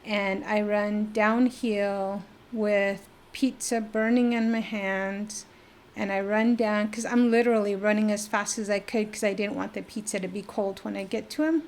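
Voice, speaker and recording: A middle-aged woman from New Mexico, a podcast guest telling a personal story in conversation, lively and full of fillers, acting out the dialogue she recalls. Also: mid-range voice, unhurried. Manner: lively, acts out quoted dialogue, many fillers.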